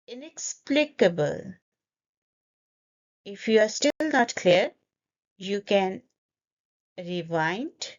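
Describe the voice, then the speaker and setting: A woman leads a pronunciation lesson at an unhurried pace, splitting a word into parts and repeating it so learners can copy her. Her voice sits at an ordinary pitch. The recording sounds a little dull and lo-fi. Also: darkish tone. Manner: breaks words into syllables and repeats them slowly. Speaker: English pronunciation teacher. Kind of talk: slow, deliberate pronunciation lesson.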